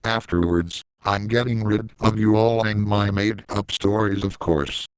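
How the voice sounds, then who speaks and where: A man's voice: lowish voice, fairly even intonation, a little slow, smooth, no echo, close to an everyday voice. A man voicing a little girl who has turned into an eraser supervillain, with cold, taunting threats. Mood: menacing.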